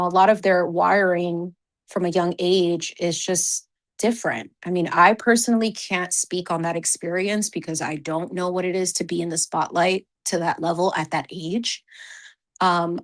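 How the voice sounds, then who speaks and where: A woman hosting a relaxed livestream chat. She shouts out her viewers in a gushing, effusive way, then settles into earnest, heartfelt talk. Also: lowish voice. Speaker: livestream host.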